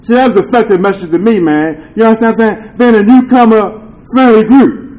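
A man's voice: sits high, fairly quick, a little mellow, low-quality recording. A man sharing his story at a recovery meeting, talking in loose street slang with swearing and a frequent "you dig?", earnest and confessional. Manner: earnest and confessional, with rueful laughs. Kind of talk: candid testimony share.

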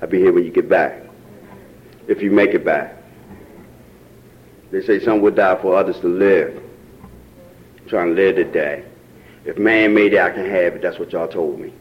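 A man with a Baltimore accent speaking at a recovery meeting, preaching about hope and rising to shouts near tears. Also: low voice, normal speed, pauses often, dull audio. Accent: African American Vernacular English, Baltimore. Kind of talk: impassioned testimony. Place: meeting room.

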